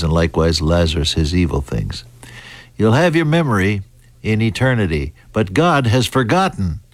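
An American man preaching a Bible teaching in a deliberate, halting way, with fillers and restarts. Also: mid-range voice, no room sound. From United States.

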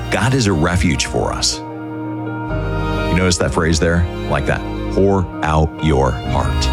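A man speaking earnestly and reflectively as the speaker of a short radio devotional, in a conversational tone. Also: low-pitched. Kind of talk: gentle devotional talk. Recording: music bed behind voice.

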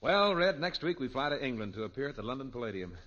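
A man who is the announcer and straight man on a 1950s radio comedy, with booming delivery and dry comebacks. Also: very animated, quick pace, fairly bright tone, long reverb tail, soft background music. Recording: hissy muffled old radio broadcast.

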